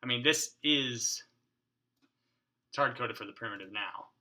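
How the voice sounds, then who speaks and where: A man's voice: medium pitch, unhurried, sharp tone. A man hosting a casual coding tutorial at his home desk, thinking aloud, muttering to his code and joking with mild swearing. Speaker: programming tutorial host. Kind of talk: casual screencast coding walkthrough.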